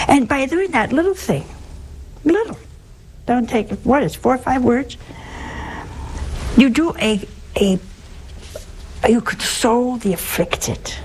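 A woman's voice: high voice, expressive, slow pace, pauses often, darkish tone, slight background noise, rough recording. A woman, older in years, giving a spoken sermon in a folksy, humorous way, often asking the audience questions. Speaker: religious teacher. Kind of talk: spoken sermon on works of mercy.

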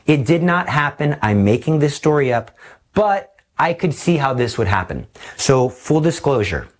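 A man preaching a sermon, telling stories in an animated way and acting out the voices. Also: mid-range voice.

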